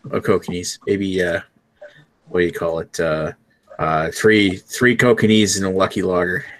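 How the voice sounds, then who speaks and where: A man's voice: sits low, steady tone, moderate pace, a bit bright. A man in a casual live video chat, hesitating and searching for words, with dry quips. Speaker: guest reviewing beer.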